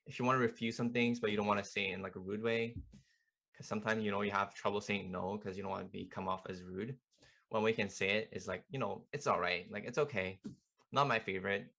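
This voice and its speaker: A young man casually teaching a beginner language lesson as a student club tutor, chatty and loose with lots of fillers. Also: lowish voice. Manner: relaxed, chatty, many fillers like "like" and "you know".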